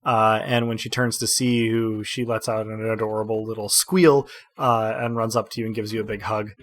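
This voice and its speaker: A man running a tabletop game as game master, describing scenes in a measured storytelling way. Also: lowish voice, flat delivery, a bit bright.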